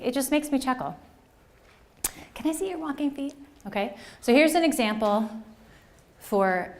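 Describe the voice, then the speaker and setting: A woman from New Jersey giving a lively, conversational workshop presentation to educators, often checking in with the audience. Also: medium pitch. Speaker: conference presenter. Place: presentation room.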